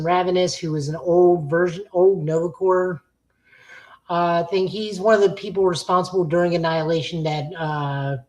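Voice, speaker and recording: A woman's voice: lowish voice, rough recording. A woman co-hosting a podcast, giving opinionated casual takes with lots of fillers. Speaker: podcast co-host. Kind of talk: casual chat reviewing comics.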